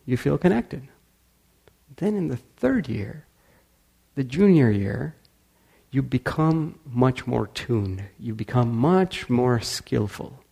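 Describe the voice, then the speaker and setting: Brief: male speaker, gravelly and husky, animated storyteller. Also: medium pitch, slow. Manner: animated storyteller acting out quotes. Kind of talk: storytelling talk.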